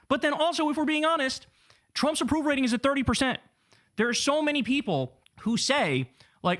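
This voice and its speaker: A man in his thirties streaming, reading an article aloud and reacting with profane, animated swagger. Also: sits high, fast talker. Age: 30s.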